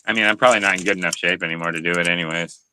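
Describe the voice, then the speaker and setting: Very deep-voiced laid-back man swearing. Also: fairly even intonation, background noise. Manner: laid-back, profane, halting storytelling. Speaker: host. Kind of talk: casual chat.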